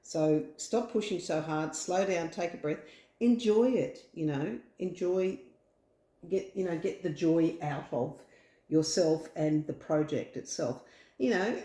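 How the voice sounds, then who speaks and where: A woman's voice: on the low side, expressive, a little slow, mellow, roomy sound. Chatty Australian woman reading tarot. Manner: chatty, reassuring, rambling with fillers. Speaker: tarot reader. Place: home room.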